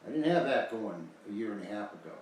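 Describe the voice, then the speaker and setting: A man's voice: on the low side, big pitch swings, quick pace, darkish tone, very echoey, far from the mic, a little hiss or hum, poor audio. An older American man, retired, giving a rambling, emphatic, folksy talk promoting his foreclosure guide. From United States. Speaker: host selling a foreclosure guide.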